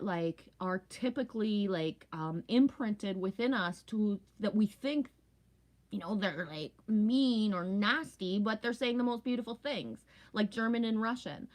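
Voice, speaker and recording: A woman's voice: medium pitch, lively intonation, measured pace. Rambling woman chatting casually with viewers. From Canada. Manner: rambling, talkative, frequent "right?" and "you know what I mean". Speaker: live stream host.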